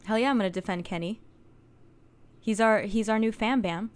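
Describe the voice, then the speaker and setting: A woman's voice: medium pitch, moderate pace, smooth. A young American woman hosting a casual let's play, chatty, jokey and swearing freely. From United States. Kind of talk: casual gameplay commentary.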